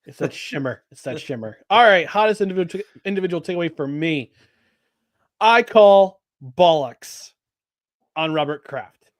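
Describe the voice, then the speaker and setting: A man co-hosts a sports podcast in a fairly high, lively voice. He talks with sarcastic energy and reads statements aloud in a mocking way. The sound is dry and close. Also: quick pace, dry recording. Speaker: podcast co-host. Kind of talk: casual sports podcast talk.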